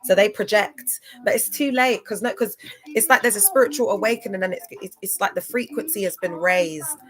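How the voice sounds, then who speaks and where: A woman chats to her livestream viewers in a loose, slangy ramble. Her voice sits in an ordinary middle pitch, and she wanders easily from point to point. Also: fairly quick. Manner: slangy, chatty, loose and digressive.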